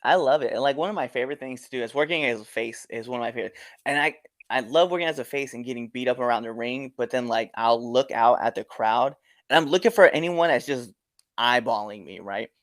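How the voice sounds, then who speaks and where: Man, wrestling guest, casual chat, mid pitch, laughs easily, dry close sound. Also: brisk, no room sound. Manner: lively, laughs often while telling stories. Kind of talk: casual conversation.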